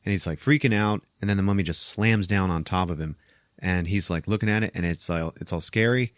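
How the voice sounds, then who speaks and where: A man hosting a podcast, casually retelling a film's plot as an animated, profane storyteller. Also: deep voice, fairly quick, clean tone, no room sound, studio quality. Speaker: podcast host. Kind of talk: casual movie recap.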